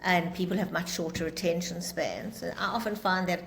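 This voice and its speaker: A woman's voice: on the low side, fairly even intonation, moderate pace, gravelly, fairly bright tone, a little hiss or hum. A woman teaching a class on communication, explaining with acted-out example dialogues. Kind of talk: lecture with group discussion.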